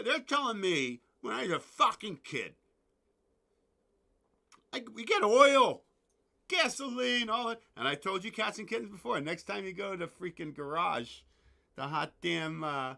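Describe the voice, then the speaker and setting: A man hosting his own show, ranting at his listeners in a profane, rambling, excitable way full of asides. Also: high voice, gravelly. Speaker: podcast host.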